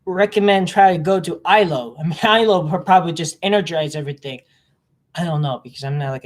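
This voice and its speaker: Rambling sarcastic woman reacting. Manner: rambling, sarcastic, with sudden jumps into high incredulous tones; trails off into quiet mumbles and fillers. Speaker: space enthusiast reacting to a film. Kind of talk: casual reaction commentary.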